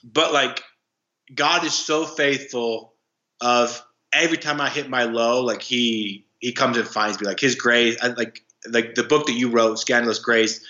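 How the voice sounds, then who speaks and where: Bright-voiced young man telling a story. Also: medium pitch. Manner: halting, many fillers and restarts. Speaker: guest, anti-trafficking worker. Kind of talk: casual storytelling interview. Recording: roomy, dull lo-fi sound.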